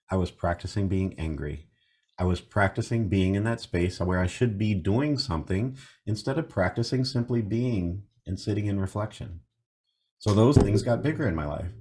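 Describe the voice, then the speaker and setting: A man's voice: sits low, a little mellow. A man in his fifties, a mindfulness coach, giving an earnest reflective talk full of rhetorical questions and repeated key phrases. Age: 50s.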